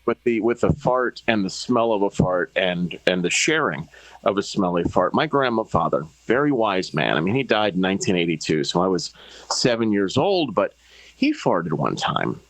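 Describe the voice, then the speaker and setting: Man in his forties, animated storyteller, mid-pitched voice, dry sound. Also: normal speed, dry recording, low-quality recording. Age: 40s. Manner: animated, exaggerated anecdotes. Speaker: guest. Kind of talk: casual comedic chat.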